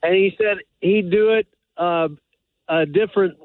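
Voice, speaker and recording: A man's voice: high-pitched, fairly even intonation, no room sound. Rambling man on a tinny phone line. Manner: rambling, halting with many fillers. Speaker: caller. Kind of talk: phone-in call.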